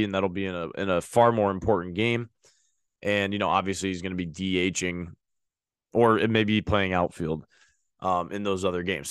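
A man's voice: low voice, smooth, dry recording. A man hosting a sports podcast, talking casually and rambling with many fillers and restarts. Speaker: podcast host.

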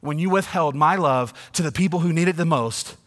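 A man preaching a sermon, swinging from hushed asides to loud, emphatic passages. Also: on the high side, brisk. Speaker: pastor. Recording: long reverb of a church hall.

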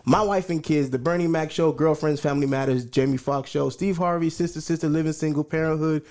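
Male podcast host, a bit high-pitched, loose and rambling with lots of fillers and playful hype, talking into a studio mic. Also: fairly even intonation, a little fast, darkish tone. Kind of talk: casual podcast chat.

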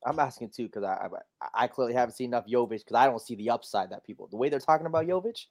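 A man on a sports debate panel, talking in an excitable, emphatic way. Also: medium pitch, very fast. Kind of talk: casual debate chat.

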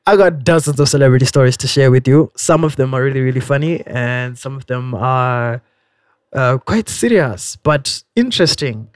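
A man's voice: medium pitch, lively intonation, moderate pace, no room sound, clean studio sound. A man hosting a casual podcast who makes his points with emphasis and repeats them for effect. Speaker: podcast host. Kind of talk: casual chat.

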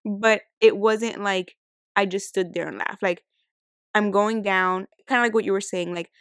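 A woman's voice: mid-range voice, fairly even intonation, a bit bright, clear, resonant tone, no room sound, studio quality. Teasing young woman in banter. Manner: teasing, blunt, quick to interject. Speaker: podcast co-host. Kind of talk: casual banter.

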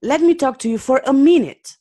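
A quirky wandering man speaks calmly and insists gently on helping, voiced by a woman reading aloud. His voice rises and falls with expression. It is a plain storybook reading voice. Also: high voice, fairly quick, voice pushed up. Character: calm, quirky wandering man offering help.

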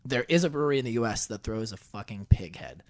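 A man's voice: on the low side, lively intonation, fast. A man hosting a podcast, chatting casually and explaining things at length during a beer tasting. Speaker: podcast host.

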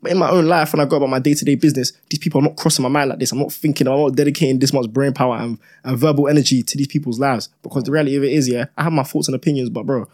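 A man's voice: mid-range voice, racing, few pauses. A young man, arguing animatedly as a podcast co-host and talking over the others. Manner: animated, repeats "broski" and "bro", talks over others. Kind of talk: heated casual debate.

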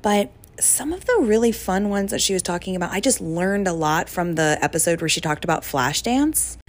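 A woman's voice: lowish voice, expressive, normal speed. A young woman hosting a casual solo podcast, chatty and gushing with lots of fillers. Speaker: podcast host.

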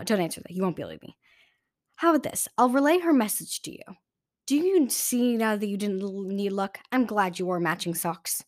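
A smooth, evasive official woman answers in a brisk, tidy manner, as a reader puts her on. Her voice stays near the reader's middle pitch. It is recorded close and dry. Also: dry recording, lightly acted.

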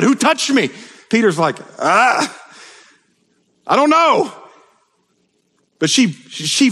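A man with a high voice preaches with fervor, sliding from soft, hushed lines to loud cries. His voice rings out with a long reverb from a large hall. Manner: impassioned, swings between hushed and shouted. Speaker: pastor. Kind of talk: sermon.

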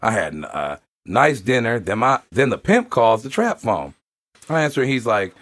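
A young man reading a story aloud to friends in an animated, slangy style. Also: mid-range voice, moderate pace, no echo. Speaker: podcast host reading a story.

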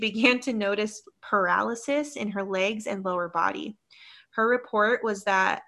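A woman co-hosting a casual podcast, telling an urban legend from notes and laughing often between lines. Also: mid-range voice. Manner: giggly, lively storyteller who laughs often. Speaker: podcast co-host.

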